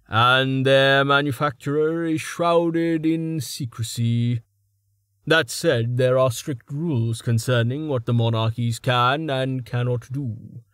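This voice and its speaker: A man voicing a formal, aloof male scholar who lectures in measured, precise sentences in an audiobook. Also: medium pitch, no room sound, studio quality.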